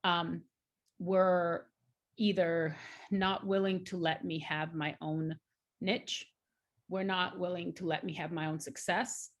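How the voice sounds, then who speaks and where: A woman in her forties speaks as an interview guest, recounting her working life. Her delivery is emphatic and grows animated when she is excited. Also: on the low side, slow pace. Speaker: guest scientist. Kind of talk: conversational interview storytelling.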